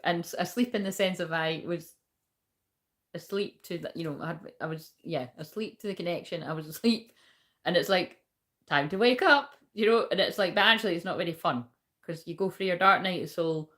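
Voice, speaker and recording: Woman tarot reader, lower-pitched voice, rambling and chatty with frequent swearing; casual spiritual reading.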